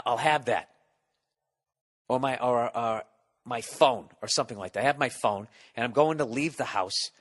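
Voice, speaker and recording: With a mid-range, slightly bright voice, a man in his forties hosts a podcast, wandering through a foul-mouthed, self-mocking comedy monologue and doing exaggerated impressions. The studio podcast mic with windscreen carries a large-hall sound.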